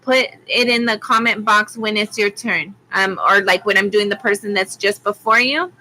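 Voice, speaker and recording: A woman's voice: medium pitch, moderate pace, pushed and bright, a little hiss or hum, low-quality recording. A woman from Arizona giving a rambling, chatty live-stream tarot reading, with frequent ums. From Arizona, USA. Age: adult with school-age kids. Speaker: tarot reader.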